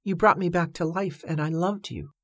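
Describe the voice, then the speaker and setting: A woman's voice: on the low side, lively intonation, moderate pace, no echo, studio quality. A woman reading as a heartbroken, bitter man. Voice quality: soft, sad and accusing.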